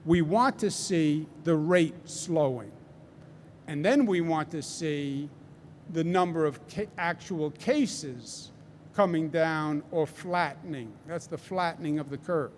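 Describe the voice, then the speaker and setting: A man with a Queens, New York accent giving a press briefing as a state governor, deliberate and emphatic, repeating his key points and tagging them with rhetorical questions. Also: a little high, a little hiss or hum.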